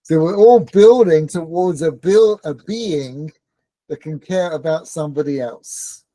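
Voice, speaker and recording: Brief: male rabbi, warm-dark tone, dry close recording, chatty teacher who quizzes his class. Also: on the high side, measured pace, no room sound. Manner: joking, conversational, asks the room questions. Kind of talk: informal Torah lesson with banter.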